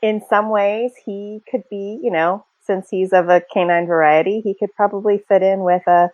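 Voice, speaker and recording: A woman's voice: mid-range voice, steady tone, normal speed, no echo, muffled recording. A woman co-hosting a casual fan podcast, chatting and speculating freely, with many fillers and small laughs. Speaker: podcast co-host.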